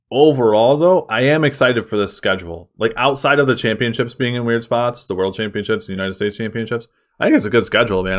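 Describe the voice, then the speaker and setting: A man co-hosting a sports podcast in casual chat, excitable and full of fillers. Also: lowish voice. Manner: excitable, uses lots of fillers. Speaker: podcast co-host.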